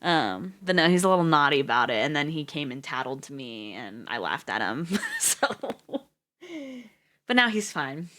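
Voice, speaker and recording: Woman streamer, deep for her sex, chatty and rambling, laughs a lot, swears casually. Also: big pitch swings, normal speed, fairly bright tone. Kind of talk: casual chat on a reading livestream.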